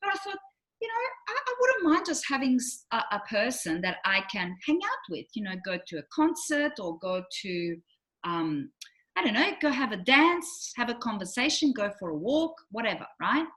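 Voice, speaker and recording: Bright, animated woman telling stories. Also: fairly high pitch, normal speed. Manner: animated storyteller, acts out quotes. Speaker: relationship coach, co-host. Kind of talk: casual chat.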